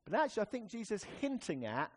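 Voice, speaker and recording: A man delivering a sermon in a casual, wry, conversational manner. His voice sits a little high for a man and moves a lot, jumping up for emphasis and sinking low and soft for serious points. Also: very animated, fast talker, slight background noise. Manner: conversational, wry, with sudden emphatic rises and quiet drops. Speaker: preacher.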